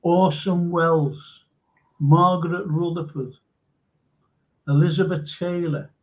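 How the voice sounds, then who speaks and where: A man's voice: a little high, steady tone, takes it slowly, highs cut off. A man hosting a live-stream chat, telling stories enthusiastically with lots of fillers. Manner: rambling, enthusiastic storytelling with many fillers. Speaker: host.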